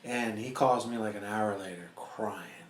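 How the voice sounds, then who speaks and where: A man's voice: lowish voice, measured pace, slight background noise. A man co-hosting a comedy podcast, talking bluntly and swearing as he chats. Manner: blunt and profane. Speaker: podcast co-host. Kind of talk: casual chat. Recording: echoey room.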